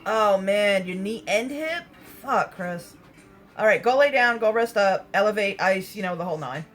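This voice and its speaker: Over faint background music and poor audio, a woman hosts a relaxed livestream, speaking at normal speed in an animated, medium-pitched voice. She's frank and blunt with viewer comments, cursing openly and laughing a lot.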